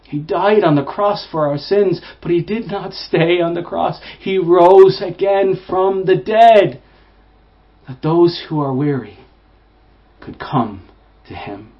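A man preaching a sermon to listeners, repeating words, swelling to emphatic peaks and falling to hushed, low phrases. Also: takes it slowly. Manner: repeats and restarts words, rising to emphatic bursts. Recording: dull lo-fi sound.

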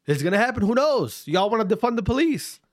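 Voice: mid-range voice, big pitch swings, fast. A speaker giving an opinion rant to camera, emphatic and blunt, firing off repeated rhetorical questions and swearing for emphasis.

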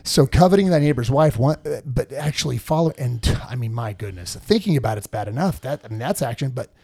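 A man with a husky voice telling a rambling story in casual chat, full of restarts and asides. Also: medium pitch, expressive, fairly quick, darkish tone, no room sound, studio quality.

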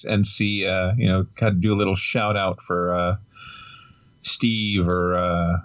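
A man co-hosting a podcast, chatting about films in a lively, jokey way. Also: unhurried, dry recording. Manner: lively, jokey, sweeping pitch. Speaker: podcast co-host. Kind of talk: casual chat about films.

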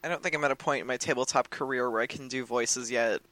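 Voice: medium pitch, steady tone, quick pace, sharp tone, no room sound. A tabletop game player in casual chat, enthusiastic and gushing over the others. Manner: enthusiastic, gushing, laughs often.

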